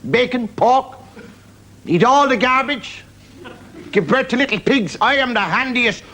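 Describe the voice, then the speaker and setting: A man voicing a grubby, cheeky male pig who brags in a squeaky, drawn-out way. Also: pushed and bright, full character voice. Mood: boastful.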